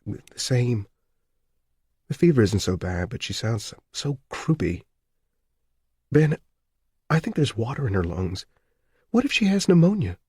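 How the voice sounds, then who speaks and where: A man's voice: mid-range voice, sing-song, a little slow, pauses often, darkish tone, slightly rough, no echo, clean studio sound, voice pushed up. A man voicing a frightened, worried young wife in an audiobook reading. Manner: wary, anxious, pleading.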